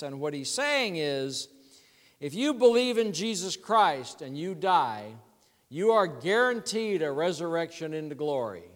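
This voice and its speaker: A man preaching a sermon as a pastor, telling a story in a conversational, animated way. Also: fairly high pitch, in a large hall.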